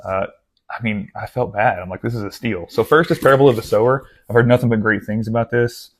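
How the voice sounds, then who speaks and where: A man's voice: lowish voice, fast talker. A young man chatting casually about his latest book haul, rambling and self-deprecating, with lots of asides and restarts. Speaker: book vlogger.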